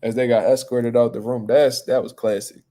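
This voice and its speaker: A man hosting a boxing talk show, chatting casually in a blunt, profane, animated way. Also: mid-range voice, normal speed. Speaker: boxing podcast host. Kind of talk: casual chat.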